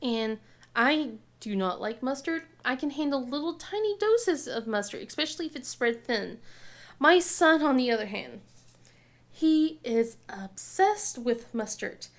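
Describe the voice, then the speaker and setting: A chatty woman in her thirties with a slightly high voice tells family stories in a relaxed, casual way. She laughs often and acts out what everyone said. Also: measured pace. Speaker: craft vlogger. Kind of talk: casual chat while crafting.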